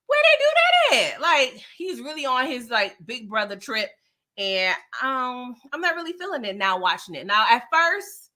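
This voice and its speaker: A woman's voice: on the high side, lively intonation, normal speed, bright, forceful tone. A woman casually recapping TV episodes for her viewers, chatty and slangy, talking straight to the audience. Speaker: TV show recap vlogger.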